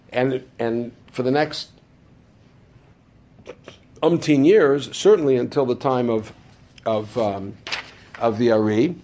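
A man teaching a Torah class, asking the room rhetorical questions and answering them himself, dropping into low asides and rising to emphatic high points. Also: darkish tone, dull audio. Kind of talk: classroom lecture.

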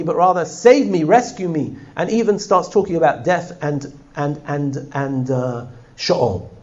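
A man teaching a text study class, animated and often putting questions to his listeners. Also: sits high, muffled recording. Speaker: Torah teacher.

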